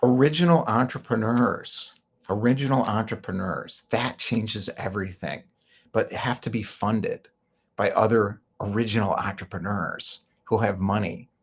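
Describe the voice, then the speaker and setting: Man, host, gravelly voice, husky tone, rambling and opinionated. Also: lowish voice, measured pace. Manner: rambling, opinionated, laughs often. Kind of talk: casual monologue.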